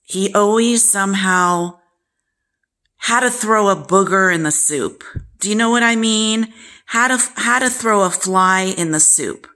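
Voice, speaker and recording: A woman's voice: mid-range voice, a little slow, pushed and bright. A woman hosting a personal vlog, telling a painful family story in a candid, exasperated way and now and then speaking straight to the father she talks about. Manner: candid, exasperated, directly addresses her absent father. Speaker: vlog host. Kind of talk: casual personal storytelling to camera.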